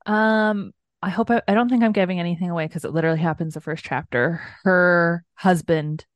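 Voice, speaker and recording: Young woman, low voice, laid-back, laughs a lot, dry close sound. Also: fairly even intonation, a little fast, dry recording. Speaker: podcast co-host. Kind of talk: casual chat.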